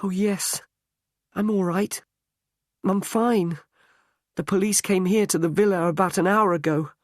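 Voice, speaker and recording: A man's voice: high-pitched, steady tone, unhurried, dry recording, studio quality, pitched above the performer's own voice. A man putting on a breathless young woman. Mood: relieved. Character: young woman, relieved fiancée, emotional.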